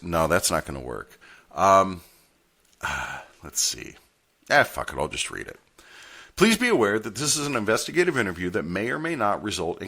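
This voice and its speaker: A man's voice: deep voice, big pitch swings, brisk, bright, forceful tone, slightly rough. A man hosting a podcast, telling a story in a wry, candid manner and reading papers aloud as he goes. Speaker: podcast host and postal union steward. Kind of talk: storytelling monologue.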